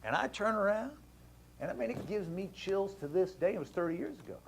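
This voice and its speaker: A man hosting a talk show, telling a story to a caller in a casual, animated way and acting out the dialogue. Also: high voice, brisk, creaky, a little hiss or hum.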